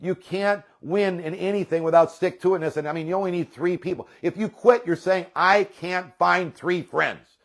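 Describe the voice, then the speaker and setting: A man's voice: sits high, fairly even intonation, a little fast, few pauses, a little mellow. Fired-up man giving a pep talk. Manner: fired-up, rambling, repeats himself. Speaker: network marketing leader. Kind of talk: motivational talk.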